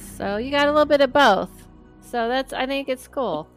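A woman's voice: sits high, normal speed, soft background music. A middle-aged woman hosting a podcast, chatting casually and animatedly, acting out the voices in her stories. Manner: animated storyteller who acts out quoted voices. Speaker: podcast host and medium.

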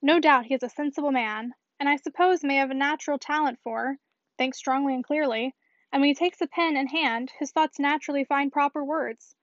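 A woman voicing a clever, decided young lady in a measured, precise reading. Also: high voice, no room sound, natural voice. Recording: dull, dry lo-fi recording.

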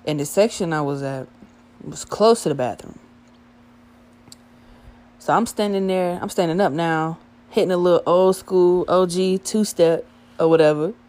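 A young adult woman telling a profane, animated story about a night out, acting out the dialogue as she goes. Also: fairly low pitch, moderate pace, pauses often. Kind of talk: casual storytime monologue.

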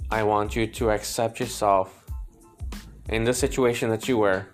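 A man with a fairly low voice talks as a psychic medium, relaying messages in a gentle, stop-and-start way. He repeats himself and laughs softly between thoughts. Faint music plays behind him. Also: steady tone. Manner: gentle, halting, repeats words often; emotional, laughs between lines. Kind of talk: spirit reading, relaying messages.

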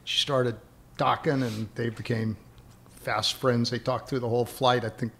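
A man with a rough, gravelly voice spins long anecdotes as an interview guest. He rambles from one memory to the next and chuckles along the way. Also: mid-range voice, level tone, moderate pace, a bit bright, slight background noise. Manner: rambling, chuckling as he recalls stories. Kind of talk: anecdotal storytelling.

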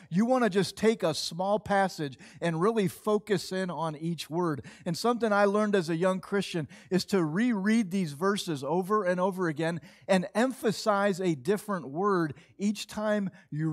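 A middle-aged male pastor, giving a conversational, earnest sermon with slow emphatic phrases. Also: fairly high pitch.

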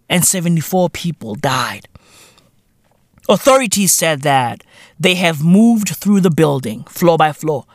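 A man from South Africa hosts a podcast monologue, swearing freely and leaning on slang fillers. His pitch swings widely while he talks at an unhurried, drawn-out pace. The sound is dry and close. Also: a bit bright, no echo. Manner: profane, emphatic, full of slang fillers. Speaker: podcast host. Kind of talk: casual monologue.

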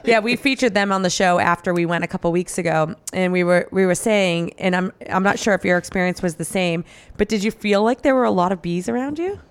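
A woman co-hosting a local radio show, chatting casually, full of ums and quick laughs. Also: lowish voice, smooth. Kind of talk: casual chat.

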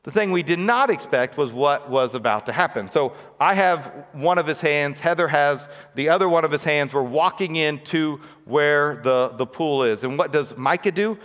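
A man's voice: on the high side, moderate pace, few pauses, a bit bright. Conversational male pastor in a reverberant hall. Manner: conversational, with frequent rhetorical questions and "right?" asides. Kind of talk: sermon. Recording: long reverb of a large hall.

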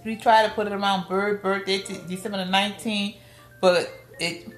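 A middle-aged woman with a New Orleans accent tells family stories with a storyteller's flair, her voice jumping high whenever she acts out what her relatives said. She sounds like she is in a roomy, echoing space, with soft music playing underneath. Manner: lively storyteller, acts out family quotes with big pitch jumps. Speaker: podcast guest. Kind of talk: casual storytelling interview. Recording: roomy room with faint music behind.

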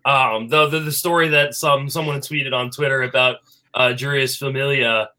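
A man talking fantasy baseball in a casual chat, animated and full of fillers and restarts. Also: mid-range voice, moderate pace. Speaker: fantasy baseball podcast panelist.

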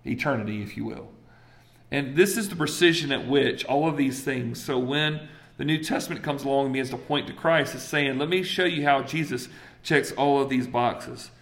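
Man, Southern accent, sermon, conversational and animated, acts out voices. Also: medium pitch, normal speed. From South Carolina. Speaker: preacher.

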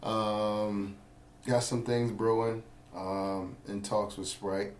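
A man speaking as a podcast guest in casual chat, upbeat and hopeful with many pauses. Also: lowish voice, level tone, a little mellow, roomy sound.

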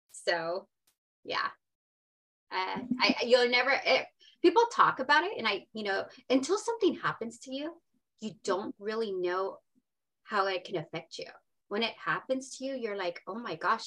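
A woman in her thirties, a podcast guest who talks earnestly and with a lot of feeling. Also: medium pitch. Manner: emotional, earnest, expressive. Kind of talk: casual interview chat.

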